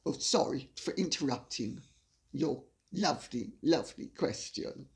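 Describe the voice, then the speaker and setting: A woman's voice: a bass voice, expressive, measured pace, a little mellow. An older woman hosting her channel, reading viewer messages aloud and laughing often as she reads. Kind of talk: casual chat.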